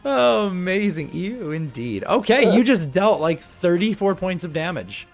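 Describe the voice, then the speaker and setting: Lively male game master. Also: high voice, unhurried, vocal fry, faint music behind. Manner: animated, chatty, laughs often. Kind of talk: running a tabletop game over voice chat.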